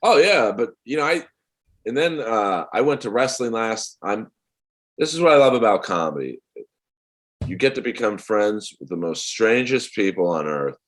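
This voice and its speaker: Deep-voiced comedian in his forties. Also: moderate pace. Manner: rambling, animated storyteller. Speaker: comedian guest. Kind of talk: casual podcast chat.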